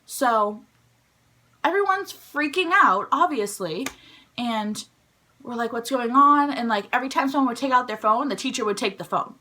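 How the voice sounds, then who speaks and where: Chatty bright-voiced young woman. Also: a little high, moderate pace. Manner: chatty, animated, heavy use of "like". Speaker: vlogger. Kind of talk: casual storytime.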